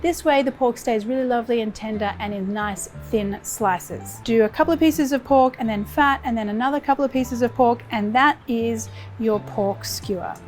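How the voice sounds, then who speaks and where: A woman's voice: fairly high pitch, normal speed, faint music behind. An Australian woman hosting a cooking show, chatty and enthusiastic as she demonstrates a recipe.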